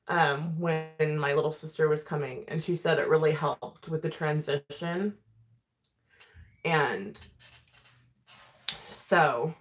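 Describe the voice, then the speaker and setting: Chatty woman with a lively low voice. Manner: chatty, laughs often, swears freely. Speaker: beauty vlogger. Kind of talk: casual chat while doing makeup.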